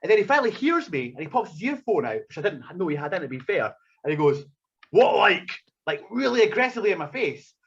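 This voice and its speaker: A man with a husky, fairly high voice tells a crude story, swearing freely and acting out scenes. His pitch leaps animatedly, and the audio is dull and lo-fi. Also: big pitch swings, quick pace, few pauses. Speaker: wrestler telling a story as a podcast guest. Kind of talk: casual profane anecdote.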